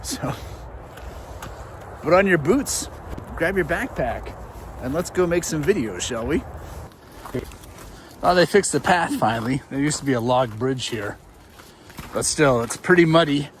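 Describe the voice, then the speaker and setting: This middle-aged vlogger sounds fairly high-pitched and animated, speaking at a measured pace with frequent pauses as he hikes a muddy forest path in the wind. He chats casually to his audience, a little breathless, over a faint hiss or hum.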